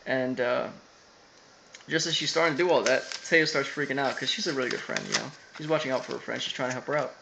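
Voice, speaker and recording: A man's voice: mid-range voice, quick pace, gravelly, fairly bright tone, slight background noise, rough recording. A man casually recapping an anime episode, rambling with lots of fillers and quoted asides.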